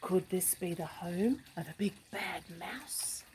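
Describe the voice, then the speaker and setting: Animated woman reading a storybook. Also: fairly low pitch, slow, a little hiss or hum, poor audio. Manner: animated, with gasps, hushed asides and questions to the listener. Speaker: storybook reader. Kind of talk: reading a picture book aloud to children.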